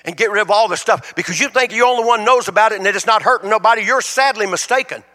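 A man's voice: high voice, racing, bright, forceful tone. A man preaching a sermon as a guest speaker, in a plain-spoken, folksy way. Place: church sanctuary. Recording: long reverb of a church hall.

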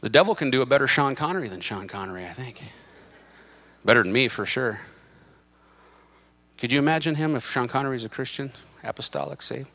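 Male pastor, emphatic impassioned sermon, bright and forceful tone, middle pitch. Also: lively intonation, a little fast, pauses often. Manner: impassioned, emphatic preaching with repetition. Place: church sanctuary.

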